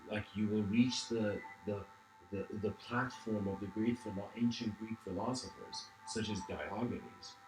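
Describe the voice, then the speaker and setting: A man's voice: fairly low pitch, reverberant, low-quality recording. A man giving a reflective livestreamed lecture. He meanders, restarts often and says "you know" a lot.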